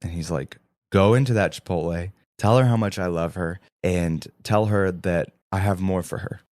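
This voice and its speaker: A man's voice: sits low, normal speed, darkish tone, no room sound, clean studio sound. A young man co-hosting a podcast, telling an earnest faith story with lots of quoted dialogue. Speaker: podcast co-host. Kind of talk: storytelling testimony.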